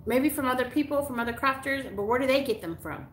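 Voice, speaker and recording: A woman's voice: high voice, fast talker, slight background noise. A woman from Texas, gushing casually as she unboxes mail on a live stream. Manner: gushing, exclamatory, chatty, with gasps and laughs. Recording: echoey room.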